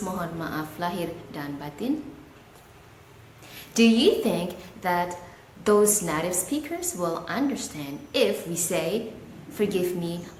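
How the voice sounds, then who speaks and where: Woman, native Indonesian speaker, English lesson, slow emphatic questions, roomy echo. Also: on the low side. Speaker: teacher. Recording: echoey room with background noise.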